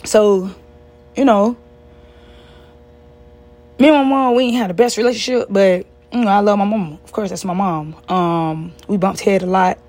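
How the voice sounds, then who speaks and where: A woman's voice: medium pitch, normal speed, pauses often, a little mellow. A young woman earnestly telling a personal story in a conversational way, with many fillers and restarts.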